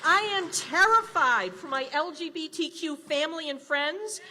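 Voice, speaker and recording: A woman's voice: sits high, lively intonation, normal speed, noisy background. A retired woman in her sixties from Wisconsin giving an indignant, rousing speech at a rally. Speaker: rally speaker. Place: large indoor rally with crowd.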